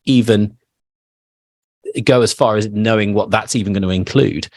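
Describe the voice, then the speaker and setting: Man, lowish voice, dry close sound, easygoing interviewer. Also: normal speed, dry recording. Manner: relaxed, hesitant questioning with fillers. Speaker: podcast host. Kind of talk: casual podcast interview.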